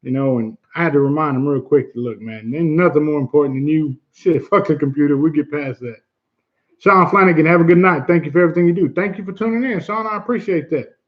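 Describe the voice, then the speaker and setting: A man's voice: fairly high pitch, fast talker, highs cut off. A man hosting a casual livestream chat, earnest and blunt, who swears easily and repeats himself for emphasis. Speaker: livestream host.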